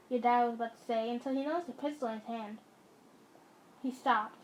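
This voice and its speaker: A woman's voice: fairly high pitch, steady tone, a little fast, long pauses, a little hiss or hum, rough recording. A woman narrating a second-person story in a casual, chatty way.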